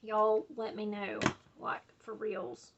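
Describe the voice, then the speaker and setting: A woman's voice: medium pitch, monotone, slow, lo-fi sound, noisy background. A woman, chatting casually and rambling while she does a scrapbooking project at home. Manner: chatty, drawling, says y'all and like a lot. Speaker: scrapbooking video host.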